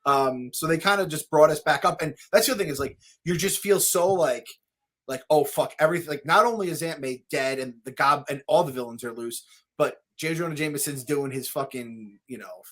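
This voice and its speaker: A man with a somewhat high, bright and forceful voice co-hosts a casual podcast. He gets worked up easily, swears loudly and pokes fun at himself while talking about a movie. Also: brisk. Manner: excitable, loud swearing, self-mocking rants. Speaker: podcast co-host.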